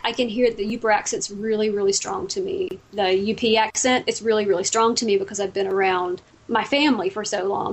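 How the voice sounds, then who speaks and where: A woman from the American South with a Southern American accent, a guest in a casual interview. She talks chattily and tells stories, restarting her sentences often. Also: a little high. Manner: chatty, warm storytelling with frequent restarts.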